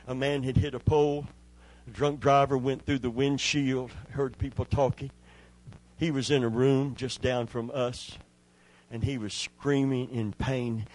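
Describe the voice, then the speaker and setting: A middle-aged male pastor preaching a sermon, telling a personal story with emotion and dropping to a hushed voice when he re-enacts a prayer. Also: mid-range voice, poor audio.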